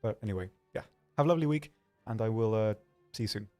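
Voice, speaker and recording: A man hosting a livestream, answering viewer questions in a hesitant, rambling way with dry, deadpan humor. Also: on the low side, fast, soft background music. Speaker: livestream host.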